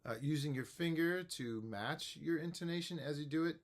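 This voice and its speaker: Male music teacher, casual explainer, rambling and relaxed. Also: on the high side, normal speed. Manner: relaxed, rambling, many fillers and restarts. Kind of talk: casual instructional talk to camera.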